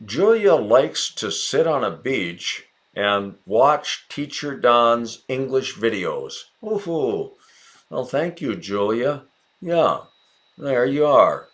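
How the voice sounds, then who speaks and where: A man with an American accent teaching English in a relaxed, chatty way, encouraging viewers and calling them by name. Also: mid-range voice, slow. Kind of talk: casual ESL lesson narration.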